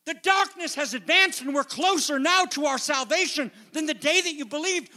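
A man preaching a sermon as pastor, moving between hushed, near-whispered passages and urgent, rising appeals to his congregation. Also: extremely high pitch, normal speed, hardly any pauses. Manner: dramatic, drops to a near whisper for quiet passages and rises to urgent calls. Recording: long hall reverb.

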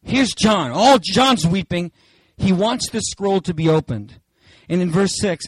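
A man preaching a sermon in an animated, dramatic way with playful asides. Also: sits high, a little slow, husky, no echo, poor audio.

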